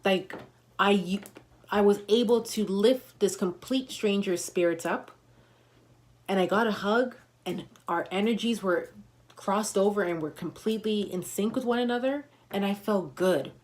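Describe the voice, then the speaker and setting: A woman's voice: mid-range voice, unhurried. A woman giving a motivational livestream talk, coaching listeners with emphatic, repeated affirmations and punchy slang.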